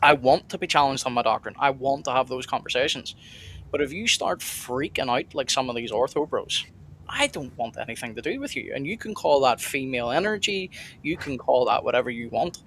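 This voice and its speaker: A man's voice: medium pitch, animated, fairly quick, a bit bright, slight background noise. Blunt man steering a stream discussion. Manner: blunt, direct, steering the conversation. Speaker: stream host and debater. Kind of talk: casual livestream discussion.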